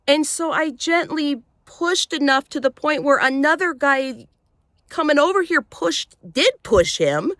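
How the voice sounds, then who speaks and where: A woman vlogger telling a personal story in an emotional, halting way, often breaking off and restarting. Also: sits high, a bit bright, no echo, clean studio sound.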